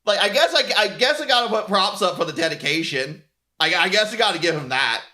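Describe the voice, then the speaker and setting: A man streaming as a VTuber, ranting in a sarcastic, animated way, swearing often and laughing at himself. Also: sits high, brisk. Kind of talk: casual stream rant.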